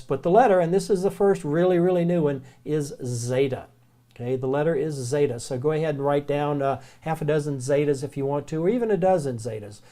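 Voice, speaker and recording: A man with a Southern American accent teaching the Greek alphabet in a relaxed, chatty way, slowly repeating each word. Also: on the high side. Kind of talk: recorded classroom lecture.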